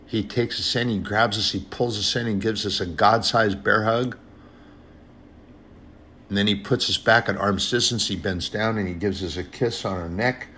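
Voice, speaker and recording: A man's voice: lowish voice, fairly even intonation, moderate pace, bright, forceful tone, slight background noise. A man preaching an informal sermon in an earnest, conversational way, often repeating phrases and addressing brothers and sisters.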